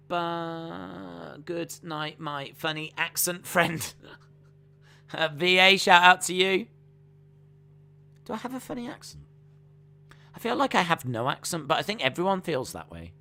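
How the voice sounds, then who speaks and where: A man with a fairly high, pushed and bright voice hosts a live fight watch-along stream. He chats with viewers, reads their comments aloud and calls the action play-by-play.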